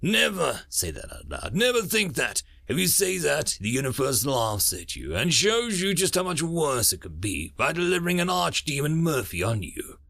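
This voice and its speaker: A man's voice: on the high side, big pitch swings, moderate pace, gravelly, few pauses, bright, forceful tone, dry recording, studio quality, pitched above the performer's own voice, heavily acted. A man voicing a stern, commanding male digital war-being who speaks with a cold, hard edge and snarls. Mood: snarling.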